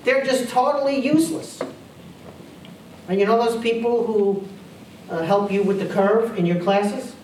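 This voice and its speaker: A man's voice: very high voice, measured pace, long pauses, darkish tone, a little hiss or hum. Emphatic male professor in a roomy lecture hall. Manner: emphatic, with rhetorical questions and repeated key phrases. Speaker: history professor giving a lecture. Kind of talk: university lecture. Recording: roomy hall audio picked up from a distance.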